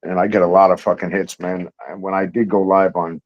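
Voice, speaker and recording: A man's voice: deep voice, little pitch movement, a little fast, dull audio, background noise. A man hosting a casual talk show, ranting heatedly and swearing a lot. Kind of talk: casual profane chat.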